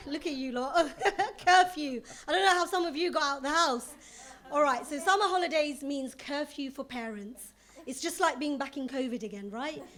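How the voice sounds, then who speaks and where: A middle-aged female comedian talks to a live audience in a teasing, conversational way. Her voice sits fairly high for a woman. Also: fairly bright tone. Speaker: stand-up comedian. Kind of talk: stand-up comedy.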